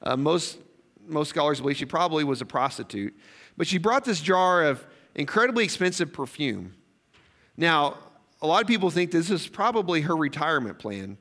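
A man preaching a sermon, telling stories in a conversational way with quick asides and questions to the congregation. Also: fairly high pitch, big pitch swings, fairly bright tone. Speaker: pastor.

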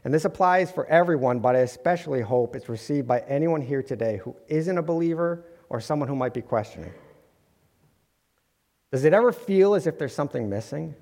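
Long hall reverb surrounds this preacher as he addresses his congregation in a church sanctuary. His earnest sermon, dotted with light jokes, comes fairly quickly in an animated, highish male voice with a darkish tone.

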